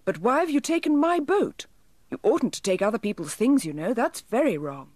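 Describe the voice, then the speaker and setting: A woman's voice: a little high, big pitch swings, normal speed, a little mellow, dry recording, clean studio sound, pitched above the performer's own voice. A woman voicing a kind, polite little boy who speaks earnestly, in a storybook reading. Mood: scolding. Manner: earnest and well-mannered.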